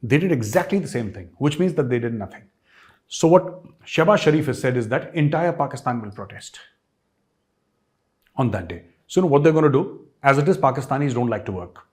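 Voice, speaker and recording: A man's voice: mid-range voice, animated, fairly quick. A man with an Indian English accent giving an emphatic, sarcastic political commentary as a host, full of rhetorical questions. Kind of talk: opinion commentary.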